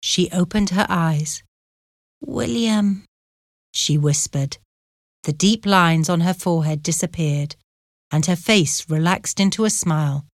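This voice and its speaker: A woman narrating a storybook in a measured, plain way. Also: on the low side, dry recording, studio quality.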